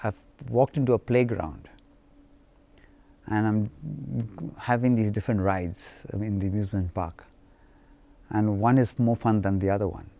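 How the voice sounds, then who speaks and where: A man from India telling personal stories in an animated, playful way. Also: on the low side, a little slow, creaky. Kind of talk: personal storytelling.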